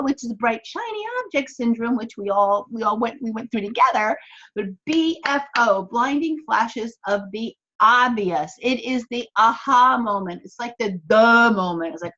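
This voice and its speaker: A woman's voice: a little high, animated, normal speed, a bit bright, lo-fi sound. A woman, a business coach, teaching an online course in a chatty, encouraging way from her office, acting out the thoughts she quotes.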